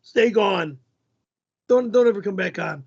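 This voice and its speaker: A man's voice: high voice, unhurried, vocal fry, husky, muffled recording. A man hosting a live stream, reacting indignantly to viewer messages and stammering as he answers them. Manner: indignant, flustered, repeats and stammers. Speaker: livestream host.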